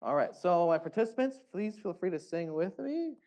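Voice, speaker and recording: A man's voice: high-pitched, expressive, normal speed, a little mellow. Man, music workshop leader, encouraging, upbeat, guiding a group through rhythms. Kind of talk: leading a group music activity.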